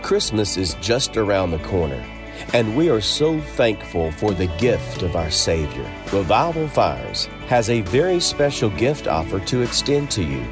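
A man reading a scripted ministry announcement in a smooth, earnest voice. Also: on the low side, sing-song, measured pace. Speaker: program announcer. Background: music bed.

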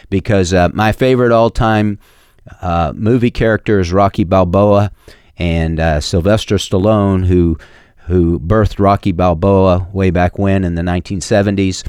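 A man's voice: low voice, fairly even intonation, normal speed, a little mellow, clear, resonant tone, dry recording. A male talk radio host delivering an emphatic, repetitive monologue into a studio microphone. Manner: emphatic and repetitive, mocking opponents in quoted voices.

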